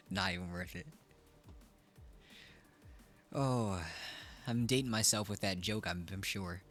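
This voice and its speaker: A man's voice: fairly low pitch, slow pace, long pauses, fairly bright tone, faint music behind. A man in his twenties chatting casually on a live stream, playful and joking at his own expense. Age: 20s. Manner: playful, joking, self-mocking. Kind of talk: casual chat.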